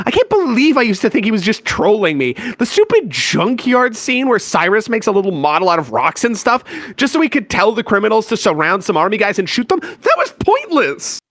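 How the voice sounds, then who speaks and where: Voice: mid-range voice, huge pitch swings, a little fast, a bit bright, no room sound, heavily acted. A voice actor doing a sulky teenage boy ranting. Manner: ranting, sarcastic and exasperated. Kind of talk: fan voice-acted comic reading.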